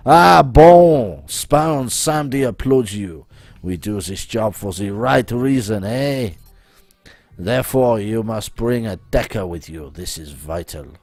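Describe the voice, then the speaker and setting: A man putting on a low, theatrical French-accented schemer. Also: expressive, takes it slowly, darkish tone, no echo, full character voice. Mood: grand. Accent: French (put on). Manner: grand, theatrical, speaks of himself in third person. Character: scheming male hacker with a put-on French accent.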